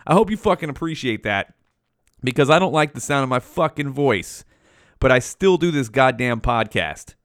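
A man's voice: mid-range voice, expressive, normal speed, fairly bright tone, no room sound, clean studio sound. A young man hosting a solo podcast from home, rambling casually with heavy swearing and slang. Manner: profane, slangy, rambling with many fillers. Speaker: podcast host. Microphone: headphones and podcast mic.

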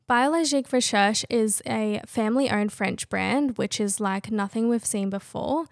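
A young adult woman co-hosting a podcast, relaxed and upbeat. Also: a little high, measured pace, gravelly, no echo, clean studio sound. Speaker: podcast co-host. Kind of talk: casual podcast chat.

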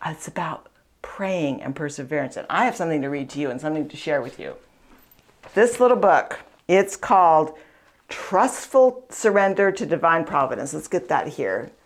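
Deep-voiced with lively intonation and a moderate pace, she hosts a faith podcast and works as an author and speaker. Her telling of a saint's story is earnest and chatty, dotted with asides, and meant to teach in a conversational, storytelling way.

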